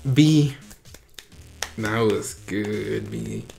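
A young man hosting a reaction video, talking casually and getting excited and emotional as he watches. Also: fairly low pitch, very slow, vocal fry, faint music behind.

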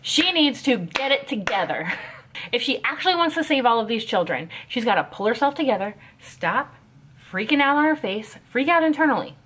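A woman's voice: on the high side, big pitch swings, moderate pace, fairly bright tone, slight background noise. A woman giving casual reaction commentary on an anime episode, ranting in an exasperated, sarcastic way.

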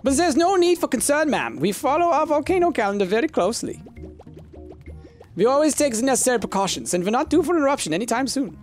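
A streamer doing a cheery inn tour guide who pitches everything in a raised, lilting, salesy voice, up and down like a hotel brochure read aloud. Faint game music runs underneath. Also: sing-song, fast talker. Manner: bright, salesy hospitality patter.

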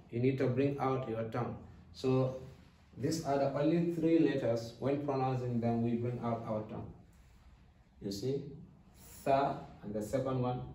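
A man teaching an Arabic lesson, patiently drilling each letter sound with slow repetition. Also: mid-range voice, warm tone, distant mic. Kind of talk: recorded lesson. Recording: echoey room, voice set back from the mic.

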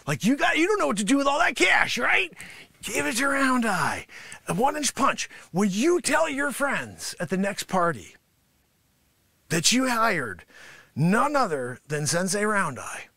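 A man doing a brash, gravelly karate sensei. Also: very high voice, big pitch swings, measured pace, sharp tone, dry recording, exaggerated voice. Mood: salesy. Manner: brash, scolding, mocking, salesman patter. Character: boastful greedy male karate sensei, middle-aged, abrasive. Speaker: comedy show host. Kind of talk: improvised comedy character monologue.

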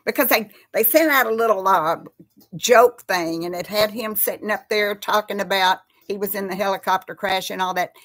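A woman's voice: mid-range voice, moderate pace, fairly bright tone. A woman hosting a casual live chat, talking with viewers and reading out their names. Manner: chatty, reads out viewer names.

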